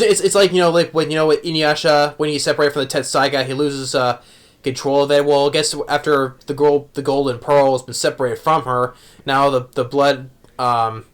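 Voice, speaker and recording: A man casually recapping an anime episode, rambling with many restarts and fillers. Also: mid-range voice. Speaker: anime reviewer.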